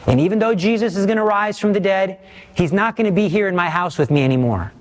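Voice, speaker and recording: Here an earnest Catholic preacher sermonizes in a voice a touch higher than most men's. He appeals to his listeners, presses them with pointed questions, and eases his pace deliberately so each idea sinks in.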